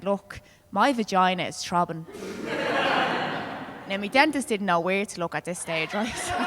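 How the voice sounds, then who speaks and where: A woman's voice: mid-range voice, big-room sound, noisy background. A woman with a Dublin accent performing a stand-up comedy set, brash and swearing as she tells stories to the room. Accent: Dublin Irish. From Ireland. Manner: brash, swearing, conversational storytelling. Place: comedy club stage.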